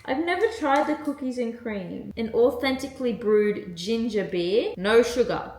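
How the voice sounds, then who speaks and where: Young female vlogger, slightly high voice, gushy casual chat, roomy echo with noise behind. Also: normal speed. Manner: chatty, gushing, lots of "like" and gasps. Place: in a car. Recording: echoey room with clear background noise.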